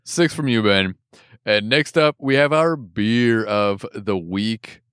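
A man's voice: lowish voice, takes it slowly, fairly bright tone, clear, resonant tone, no room sound, studio quality. Chatty man co-hosting a tasting podcast. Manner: laughs often, chatty and teasing. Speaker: podcast co-host. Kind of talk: casual chat, drink tasting.

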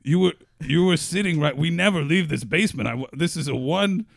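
A man co-hosting a podcast, playing along with deadpan agreement in an improvised comedy sketch. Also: fairly high pitch, brisk, creaky, no echo, studio quality. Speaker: podcast co-host.

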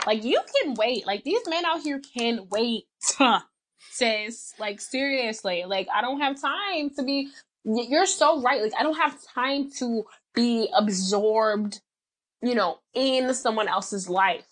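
A woman's voice: a little high, slow. A young woman co-hosting a podcast in casual chat, talking in an emphatic, slangy way. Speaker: podcast co-host.

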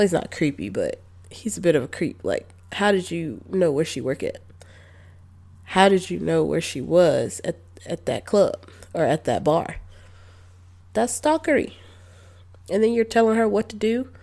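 Slow-talking, sassy young woman reviewing a film. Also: mid-range voice, darkish tone. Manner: chatty, incredulous, sassy asides. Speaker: movie reviewer. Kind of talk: casual spoken movie review.

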